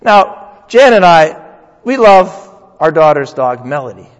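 Older man, pastor, lively high voice, folksy joking sermon, dull sound, echoing church hall. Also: unhurried. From New England. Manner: folksy, joking, animated preaching. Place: church sanctuary.

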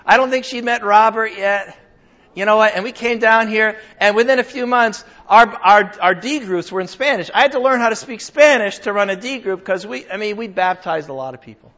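An older pastor delivers his sermon in a high, bright-sounding voice, shifting between a loose, joking tone and firm emphasis. The recording is dull and lo-fi. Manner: conversational, emphatic, jokes with the congregation. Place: church hall with a congregation.

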